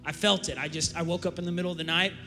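A man gives a sermon in a large church auditorium, talking in a casual, drawling storytelling way. His voice sits fairly high for a man. The stage microphone carries a long hall reverb, with faint music in the background. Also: steady tone, very fast, pushed and bright. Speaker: pastor.

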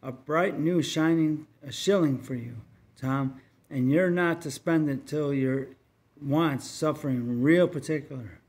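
A man's voice: a little high, unhurried, darkish tone, breathy edge. A man reading as a noisy, boisterous lad. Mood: excited. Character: boisterous excitable young lad, the cripple's only friend.

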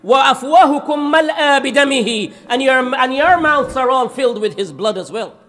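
A man's voice: extremely high pitch, very animated, normal speed, pushed and bright. A man giving an earnest, explanatory religious lecture, quoting Arabic scripture as he teaches. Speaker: Islamic lecturer.

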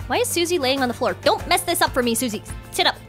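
A woman narrating a game story in the first person with excitable, fast chatter. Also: high-pitched. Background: background music.

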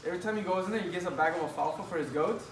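A young man telling a story to friends, animated and swearing a lot. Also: sits high, rapid-fire. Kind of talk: casual storytelling. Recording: distant, echoey and very noisy.

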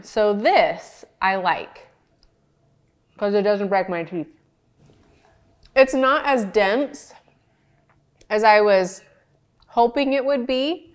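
A young adult woman who makes ice cream, chatting casually through a review and talking with her mouth full. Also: medium pitch. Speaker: ice cream maker reviewing store-bought ice cream. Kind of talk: casual product review vlog.

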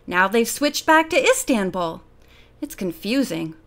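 A woman's voice: mid-range voice, sing-song, measured pace. A woman voicing a fussy, easily flustered older female housekeeper who talks in a put-upon, complaining way, in an audiobook reading. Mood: exasperated.

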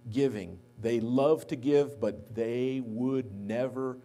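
A man's voice: medium pitch, slow pace. A man, likely a pastor, giving a eulogy at a church memorial service, telling anecdotes and livening up when he quotes others. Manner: anecdotal storytelling, lively when quoting others. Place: church sanctuary.

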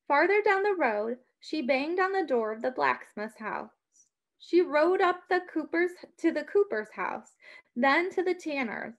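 A woman reading a children's story aloud with an expressive, dramatic delivery. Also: sits high, a little slow.

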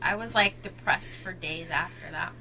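A woman chatting casually with friends about books, making quiet trailing remarks and giggling. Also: fairly low pitch, normal speed, a little hiss or hum, rough recording. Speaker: co-host of book vlog. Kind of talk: casual chat among friends.

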